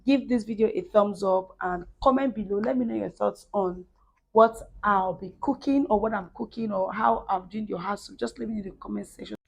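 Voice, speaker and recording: A woman's voice: mid-range voice, brisk, vocal fry, breathy edge, dry recording. A Nigerian woman vlogging casually from her home kitchen, chatty and rambling as she talks straight to viewers, her voice worn down after being ill. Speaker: cooking vlogger. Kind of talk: casual cooking vlog chat.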